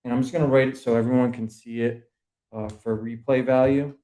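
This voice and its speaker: A man's voice: mid-range voice, fairly even intonation, fairly quick, mellow. A man with a Boston accent, a podcast guest lecturing in a rambling, profane way during a casual video call chat. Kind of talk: casual conspiracy-history chat.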